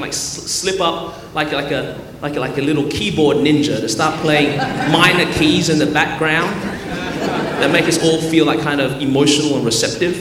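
Pastor, male, funny and rousing sermon delivery, slightly high voice, booming church hall with keyboard behind. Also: a little hiss or hum. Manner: joking, call-and-response, rising to loud preaching. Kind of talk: lively humorous sermon. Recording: echoey hall with keyboard music.

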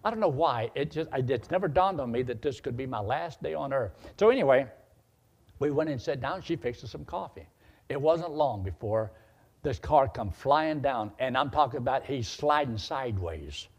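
A man's voice: medium pitch, normal speed. A male preacher telling a personal story in a sermon, acting out the dialogue as he goes. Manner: animated, acts out dialogue.

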